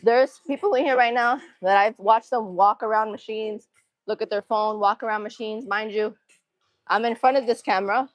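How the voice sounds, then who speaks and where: A woman's voice: on the high side, normal speed, no echo, highs cut off. A young woman live-streaming her gym workout, a little out of breath, chatting casually and counting reps and form cues between sets. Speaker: fitness streamer.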